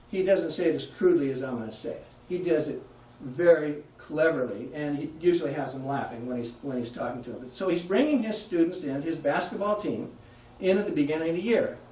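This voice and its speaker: Guy giving a talk to a crowd, kinda high voice, echoey room, mic a bit far off. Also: moderate pace, darkish tone. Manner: conversational, asks the audience questions. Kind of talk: public talk to an audience. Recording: echoey room, heard from afar.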